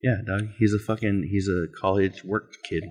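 A man's voice: on the low side, steady tone, normal speed, a little mellow, slightly rough. A young man from Arizona, a guest and friend of the show, chatting casually with lots of swearing and calling people dog. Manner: profane, laid-back, calls people dog. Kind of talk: casual chat.

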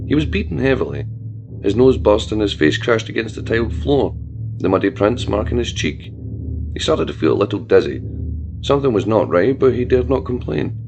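Gravelly deep male storyteller. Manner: slow, solemn, measured. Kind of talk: dramatic fiction narration. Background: music.

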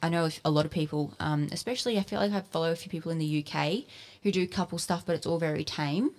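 A woman's voice: deep voice, fast talker, darkish tone. A young Australian woman in her twenties, chatting as an interview guest with lots of fillers. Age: 20s. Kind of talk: casual interview.

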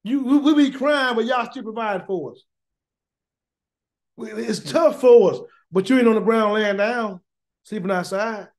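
A man leads a weekly Torah study in a loose, preaching way, his voice sitting high for a man. He talks in plain colloquial speech, says "y'all" and "gonna," repeats himself as he builds a point, and keeps asking his listeners questions he then answers himself. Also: a little slow. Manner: preachy, emphatic, repeats words and asks rhetorical questions. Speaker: Bible teacher. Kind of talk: informal Torah study sermon.

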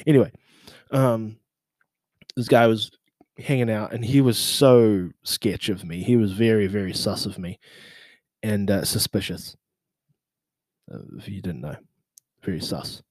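Man telling event stories, slangy and lively, dry close sound. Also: unhurried, long pauses, no room sound. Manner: animated, laughing, acts out quotes with big pitch jumps; slangy, swears casually. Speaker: social media marketing manager. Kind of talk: casual storytelling recap.

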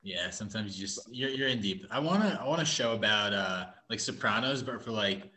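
A man's voice: fairly low pitch, lively intonation, fairly quick, pushed and bright, a little hiss or hum. A man co-hosting a podcast in loose, joking casual chat. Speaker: podcast co-host.

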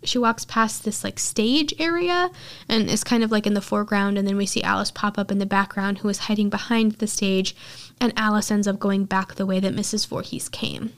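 A woman's voice: medium pitch, fairly even intonation, normal speed. A woman podcast host casually retelling a film's plot in chatty storytelling full of filler words.

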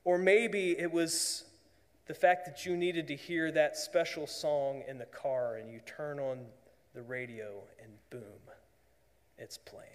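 Slow, earnest preacher in a reverberant hall. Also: male voice, fairly high pitch, steady tone. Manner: earnest, drops to a hushed voice for emphasis. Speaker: pastor. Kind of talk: sermon.

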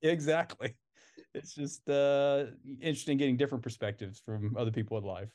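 Young male podcast co-host, relaxed chatty delivery, filler-heavy. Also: mid-range voice, brisk. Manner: laid-back, many fillers and laughs. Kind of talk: casual chat.

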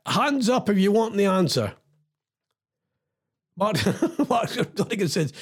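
Scottish male DJ, slightly high voice, lively pitch, playful and teasing, casual quiz chat. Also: takes it slowly, pauses often. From Scotland. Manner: playful and teasing, reads out comments. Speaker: radio DJ.

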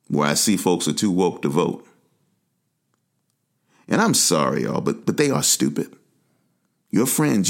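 A man's voice: low voice, vocal fry. A man from Atlanta, hosting a talk show and delivering a passionate, emphatic commentary monologue. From Atlanta, USA. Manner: passionate, emphatic, preachy asides. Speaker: podcast host.

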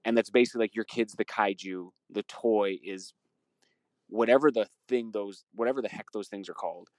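A man leaving a rambling, indignant voicemail, halting and restarting as he complains. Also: fairly low pitch, dry recording. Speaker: voicemail caller. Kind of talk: ranting voicemail.

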